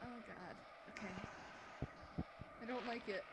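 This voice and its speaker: A woman's voice: a little high, a little slow. A young woman hosting a let's play, chatting casually, swearing and shrieking at scares. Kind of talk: casual game commentary. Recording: loud background hiss.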